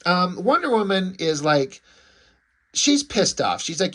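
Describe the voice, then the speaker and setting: A man's voice: high voice, very animated, slow pace, bright, forceful tone. A man giving a casual, rambling spoken review of a comic book, with lots of filler words. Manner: rambling, uses lots of "like" and "you know".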